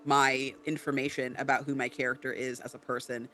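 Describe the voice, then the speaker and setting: A man co-hosting a podcast in casual chat, animated and explanatory, often tagging on "right?". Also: mid-range voice, a little fast. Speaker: podcast co-host. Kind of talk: casual chat about tabletop role-play.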